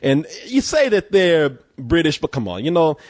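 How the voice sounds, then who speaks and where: A man's voice: a little high, sing-song, normal speed, a little mellow, no room sound, clean studio sound. A man hosting a video game podcast, talking in loose, joking banter and swearing freely. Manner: profane, joking, laughs often. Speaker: podcast host reviewing a game.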